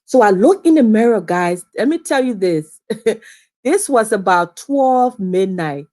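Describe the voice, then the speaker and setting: A young adult woman from Liberia talks straight to her viewers in a relaxed, rambling vlog. She repeats phrases and keeps calling out to her audience. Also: medium pitch, a little slow. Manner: chatty, repeats phrases, often addresses viewers as guys. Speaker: vlogger. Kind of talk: casual storytelling to camera.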